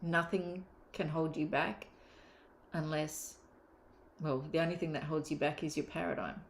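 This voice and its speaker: A woman's voice: low voice, fairly even intonation, measured pace, a little hiss or hum. Candid woman coaching, roomy echo. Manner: candid, emphatic, swears casually. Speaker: mindset coach. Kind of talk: motivational online course talk.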